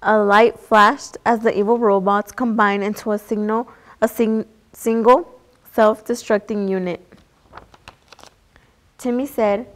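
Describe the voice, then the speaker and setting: A woman's voice: mid-range voice, steady tone, a little slow, pauses often. A woman reading a children's picture book aloud in a plain way, with small slips and restarts. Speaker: storybook reader.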